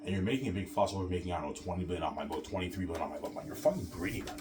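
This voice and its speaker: A man's voice: low voice, racing, hardly any pauses, recorded from a distance, noisy background. A man delivering an angry, repetitive, profane monologue to his video audience, recorded away from the mic with music behind. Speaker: video ranter.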